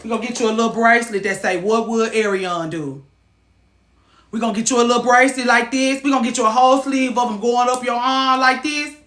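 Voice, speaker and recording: A woman hosting a talk show, giving animated, profane advice that swings from loud outbursts to low muttering. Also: very fast, few pauses. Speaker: host. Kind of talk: lively advice talk to a caller. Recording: echoey room.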